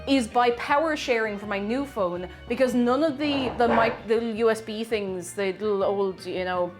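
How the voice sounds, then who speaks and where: High-voiced chatty Irish woman. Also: normal speed, soft background music. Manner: chatty, rambling with asides and self-corrections. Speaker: streamer baking live. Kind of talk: casual chat reading out viewer messages. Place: home kitchen.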